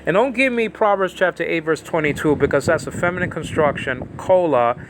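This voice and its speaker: A man teaching a Bible lesson in a halting, informal way, with many fillers as he sounds out Hebrew and Greek words. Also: fairly high pitch, noisy background. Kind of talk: informal scripture study.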